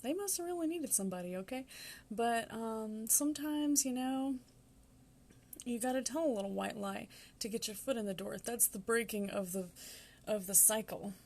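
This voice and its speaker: A woman's voice: fairly high pitch, normal speed, a little mellow. A woman in her forties with a Southern accent, giving a casual tarot reading in a chatty, rambling way and laughing often. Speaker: tarot reader.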